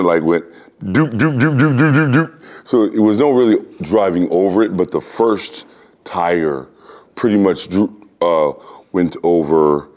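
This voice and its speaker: Brief: a very low, mellow male voice, an interview guest who spins animated, playful anecdotes. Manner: animated storyteller, acts out voices and sounds.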